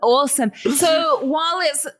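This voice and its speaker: A woman co-hosting a casual chat, bubbly and quick to laugh. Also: high-pitched, a bit bright. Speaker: podcast co-host.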